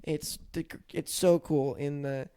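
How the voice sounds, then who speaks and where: Smooth young man chatting casually. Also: a little high, steady tone, unhurried, warm tone. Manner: rambling, full of restarts and "like". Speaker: podcast co-host. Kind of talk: casual chat.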